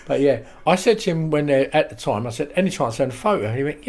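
A man, a podcast guest telling lively showbiz stories and quoting the people in them. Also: fairly high pitch, fast. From England. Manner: animated anecdotes with quoted voices and laughs. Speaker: interview guest. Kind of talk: casual storytelling.

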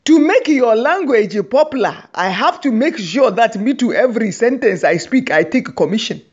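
Woman, satirical comic monologue, teasing and animated, lively rising and falling pitch, dull lo-fi sound. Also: normal speed, slightly rough. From Africa. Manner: animated, teasing, laughs often. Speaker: comedy host. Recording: dull lo-fi recording.

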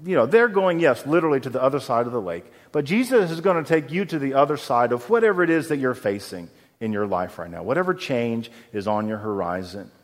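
A man preaching a sermon as pastor, telling a story with lively acted-out voices. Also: medium pitch, brisk, few pauses. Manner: animated storytelling, acts out quoted voices. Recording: long hall reverb.

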